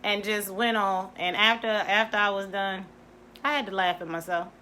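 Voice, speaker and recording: Speaking at a normal speed, this middle-aged Baltimore woman works as a mindfulness coach and addresses her viewers with an animated pep talk. She often laughs and her voice swoops widely in pitch.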